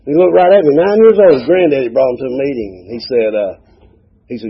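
Gravelly man telling his story. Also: mid-range voice, animated, fairly quick, pauses often. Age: 40s. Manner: folksy, storytelling with dialogue. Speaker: recovery meeting speaker. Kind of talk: personal testimony with humor. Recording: dull lo-fi recording.

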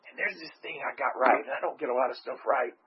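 A man's voice: medium pitch, quick pace, breathy edge. Man telling a rambling story. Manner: rambling, chatty, often breaks into laughter. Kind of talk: casual personal storytelling. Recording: muffled lo-fi recording.

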